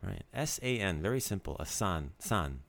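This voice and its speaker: A low-voiced man runs a relaxed podcast language lesson, his pitch swinging widely as he jokes around. He coaches listeners through each word and drills its pronunciation. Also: moderate pace, vocal fry. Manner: lively, joking, coaching pronunciation. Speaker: language teacher host.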